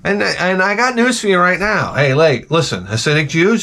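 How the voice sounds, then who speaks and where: A man's voice: high-pitched, animated, moderate pace, sharp tone, a little hiss or hum. A man hosting a casual talk show, rambling and ranting crudely, often slipping into mocking voices. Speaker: podcast host. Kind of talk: rambling profane casual chat.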